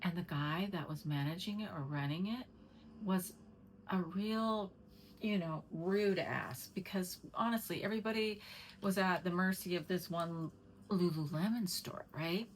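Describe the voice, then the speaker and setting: A woman's voice: fairly low pitch, normal speed, slight background noise, poor audio. A middle-aged woman chatting casually to camera at home, rambling and talking to her cat between stories. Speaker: vlogger.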